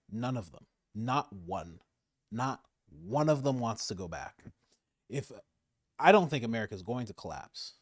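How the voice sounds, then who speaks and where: A man giving casual political commentary, animated, laughing often and repeating his points for emphasis. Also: medium pitch, measured pace, no echo, clean studio sound.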